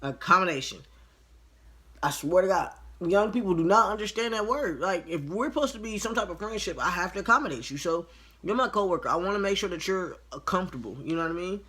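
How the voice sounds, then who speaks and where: A man's voice: high-pitched, lively intonation, fast, bright, forceful tone, husky. A man casually telling a work story to camera, frank and profane, acting out each side of the conversation. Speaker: line cook.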